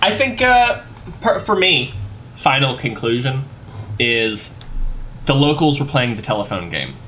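A man co-hosting a casual podcast, presenting his research in a relaxed, chuckling way. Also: mid-range voice, a little slow, a little hiss or hum. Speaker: podcast co-host presenting the topic.

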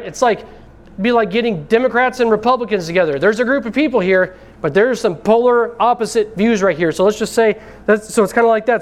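A man preaching a conversational sermon from the pulpit, talking straight to the congregation and calling them brethren. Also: high-pitched. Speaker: pastor. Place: church sanctuary.

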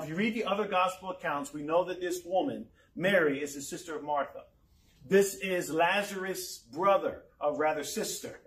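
A man with a fairly high voice preaches with energy, firing rhetorical questions at his listeners and chuckling now and then. His voice rings through a roomy church hall. He stands some way back from the mic. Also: a bit bright. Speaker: pastor. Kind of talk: sermon. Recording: roomy echo, mic far off.

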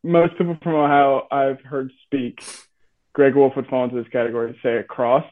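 A man's voice: medium pitch, flat delivery, moderate pace. A man, hosting a podcast in casual conversation, musing thoughtfully and hedging with filler words. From Atlanta, Georgia. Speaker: podcast host. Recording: tinny phone-like line.

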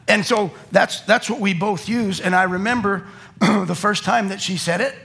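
A man's voice: high-pitched, moderate pace, vocal fry. A middle-aged man preaching a sermon to a live congregation in a church, telling jokes and acting out little scenes as he goes. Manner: lively, joking storyteller who acts out quotes. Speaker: pastor.

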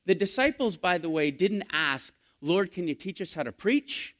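A male pastor preaching a sermon, asking his listeners questions and moving between hushed and emphatic delivery. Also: high-pitched, expressive, moderate pace. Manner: dynamic preaching, asks the congregation questions, swings from hushed to loud.

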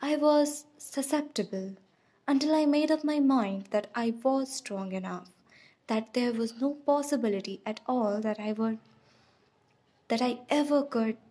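A tender, restrained young man who has lived a hundred years speaks in soft murmurs and teases gently, as a woman reads him in an audiobook. His voice sits fairly high and moves at an unhurried, slow pace. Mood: earnest.

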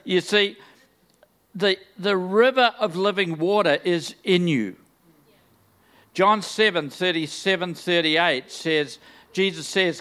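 An older man preaches a sermon in a high voice and at an unhurried, deliberate pace. He is enthusiastic and slips in joking, self-deprecating asides as he speaks to a large church. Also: fairly bright tone, clear, resonant tone. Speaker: guest preacher.

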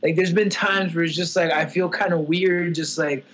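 A man's voice: fairly high pitch, fairly even intonation, moderate pace, hardly any pauses, a bit bright, poor audio. A young man talking candidly and emotionally in a casual podcast chat, rambling with lots of fillers.

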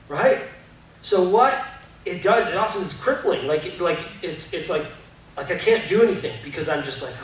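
A pastor gives a loose, candid sermon, joking at his own expense and leaning on fillers. His voice sits fairly high for a man. It reaches the mic from across a very echoey church hall, with a faint noise underneath. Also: a bit bright, recorded from a distance. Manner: candid, self-deprecating, chatty with many fillers. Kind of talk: casual conversational sermon. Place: church auditorium.

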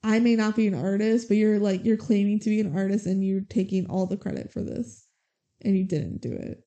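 A woman's voice: medium pitch, fairly even intonation, a little fast, warm tone, lo-fi sound, lightly acted. A woman voicing a hurt, indignant teenage girl while casually retelling a movie scene. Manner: casual retelling of quoted lines.

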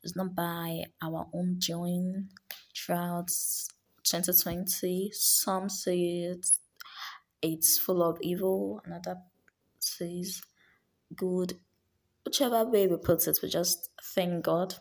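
Earnest woman with a gravelly voice, slow casual motivational talk that slips into whispers. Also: on the low side, level tone. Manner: unhurried, earnest, often drops to a whisper. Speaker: speaker giving an encouragement talk.

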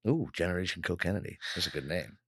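A man's voice: low voice, quick pace, breathy edge, no echo, clean studio sound. A man co-hosting a podcast in casual chat, rambling and profane as he tells stories. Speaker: podcast co-host.

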